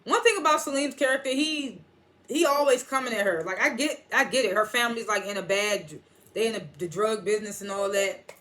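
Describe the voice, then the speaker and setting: A young adult woman with a mid-range, fairly bright voice chats casually and fairly quickly while recapping a TV episode. She reviews it frankly, retelling scenes through quoted snippets.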